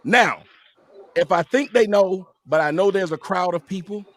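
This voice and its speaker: A man arguing emphatically on a live-stream panel, sometimes rising to a shout. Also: sits high, normal speed, dry recording. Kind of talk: heated live-stream debate.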